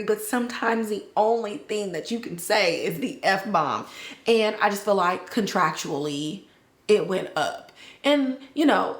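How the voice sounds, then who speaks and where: A woman hosting a podcast, recapping a TV episode in casual slangy chat and acting out the characters' lines. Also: mid-range voice. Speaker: podcast host. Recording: roomy echo.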